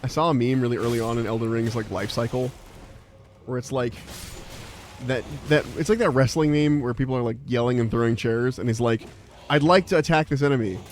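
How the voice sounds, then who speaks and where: A man's voice: mid-range voice, steady tone, brisk, darkish tone, faint music behind. An American man chatting casually while he streams a game live, rambling with lots of fillers and laughing easily. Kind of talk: live gameplay commentary and chat.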